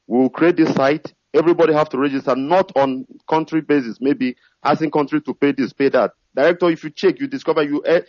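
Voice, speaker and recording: A man's voice: mid-range voice, a little mellow, no echo, dull audio. A man on a radio call-in, speaking earnestly and rambling with many fillers. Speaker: caller.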